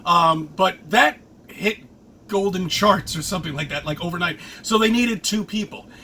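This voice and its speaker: Angry, high-voiced man ranting. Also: moderate pace, slight background noise. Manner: angry, profane and preachy, with sudden loud jumps and laughs. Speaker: channel host. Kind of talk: ranting monologue to camera.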